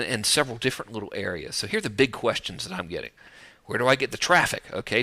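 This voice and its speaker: A man talking straight to the camera about marketing, joking and breezy, with a lively pitch that swings a lot. His tone is bright and forward. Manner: joking, breezy and animated, with playful sound effects. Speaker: online marketing teacher. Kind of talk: casual direct-to-camera marketing talk. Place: outdoors overlooking the ocean.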